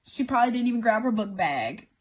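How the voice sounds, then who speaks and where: A woman's voice: on the high side, lively intonation, a little mellow. A woman telling a dramatic personal story, acting out what was said. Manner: dramatic, reenacts quotes, fast retelling. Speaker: storyteller in a played clip.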